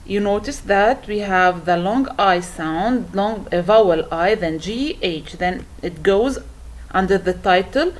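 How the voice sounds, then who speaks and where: A woman teacher walking students through a worksheet, explaining slowly and carefully with frequent pauses and restarts. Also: medium pitch. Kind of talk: worksheet walkthrough lesson.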